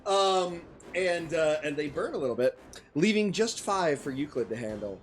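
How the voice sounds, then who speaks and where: A man's voice: on the high side, lively intonation, moderate pace, soft background music. A man narrating a tabletop game as game master, hesitant, with many ums and frequent laughs.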